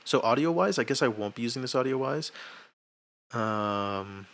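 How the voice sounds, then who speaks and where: A man's voice: medium pitch, expressive, moderate pace, vocal fry, a bit bright. A young man streamer chatting casually and self-mockingly in a rambling way, laughing often. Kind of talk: casual livestream chat.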